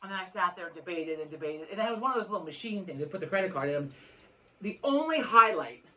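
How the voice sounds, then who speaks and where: A woman's voice: lowish voice, expressive, fast talker, sharp tone. A woman co-hosting a podcast, telling a long story in casual chat, frank and swearing freely with many restarts. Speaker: podcast co-host.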